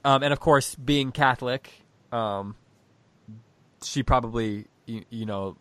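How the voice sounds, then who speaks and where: A man's voice: mid-range voice, a little slow, dry recording. A man hosting a book discussion podcast, reflectively thinking aloud about a story. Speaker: host.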